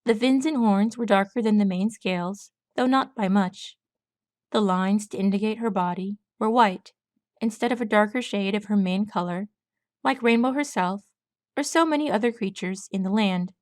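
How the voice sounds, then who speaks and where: A woman narrating her own fan fiction audiobook in a steady, even storytelling voice. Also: mid-range voice, normal speed, no room sound, studio quality. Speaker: audiobook reader.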